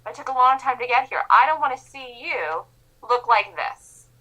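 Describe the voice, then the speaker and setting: A woman's voice: on the high side, lively intonation, moderate pace, pushed and bright, low-quality recording. A woman trading instructor giving a motivational lecture in an emphatic, insistent manner.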